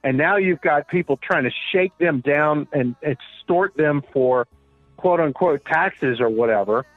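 A man's voice: fairly high pitch, a little slow, no room sound, faint music behind. A man speaking as a guest commentator on a radio show by phone, exasperated and rambling with many fillers. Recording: tinny phone line.

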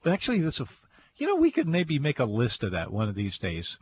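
An older man hosting a food radio show, talking casually and halting often with "uh". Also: mid-range voice, huge pitch swings, slight background noise. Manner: rambling, halting with many uhs. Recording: dull, lo-fi radio broadcast.

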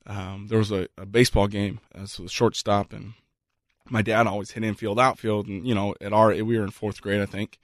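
Earnest, halting man with a low voice. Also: level tone, no room sound, studio quality. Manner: earnest, halting with repeated restarts. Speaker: guest. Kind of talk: reflective storytelling in conversation.

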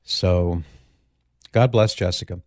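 A man hosting a call-in radio show, chatting gently with callers and leading a prayer. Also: low-pitched, slow pace, no echo, studio quality.

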